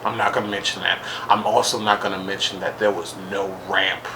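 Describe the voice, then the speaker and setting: A man talks through a TV episode in a loose, rambling way, with sarcastic asides. His voice sits a little low. A faint hiss of noise runs under the recording. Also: little pitch movement, fairly quick. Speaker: podcast reviewer. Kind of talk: casual solo recap.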